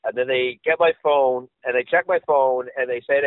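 A man's voice: medium pitch, moderate pace, hardly any pauses, no echo. A Canadian man co-hosting a podcast, arguing and cutting in during casual political chat. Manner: argumentative, animated, interrupting. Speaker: podcast co-host. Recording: dry, tinny phone-like sound.

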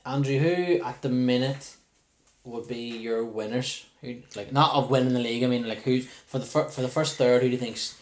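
A man hosting a casual football podcast, talking quickly and animatedly, laughing easily. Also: medium pitch. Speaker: podcast host.

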